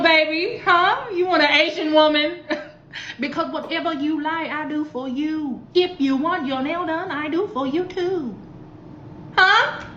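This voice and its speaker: Woman putting on a high sing-songy vietnamese-accented lady, broken english, keeps teasing, dull muffled clip audio. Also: fairly bright tone, echoey room, a little hiss or hum, full character voice. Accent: put-on Vietnamese.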